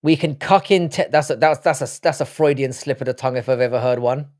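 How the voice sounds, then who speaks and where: A man's voice: mid-range voice, fast, a little mellow. A man in his thirties hosts a casual live stream, worn out and chatty. He swears freely and rambles, often restarting his sentences. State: tired. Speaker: livestream host.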